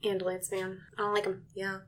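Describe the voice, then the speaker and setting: A woman's voice: medium pitch, completely flat delivery, a little fast, a bit bright. A woman co-hosting a casual book podcast, wry and dry in her humor. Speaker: podcast co-host. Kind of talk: casual chat about books.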